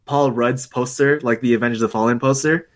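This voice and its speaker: A man's voice: medium pitch, steady tone, fairly quick. A young man co-hosting a podcast, rambling through casual chat and laughing often. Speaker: podcast co-host.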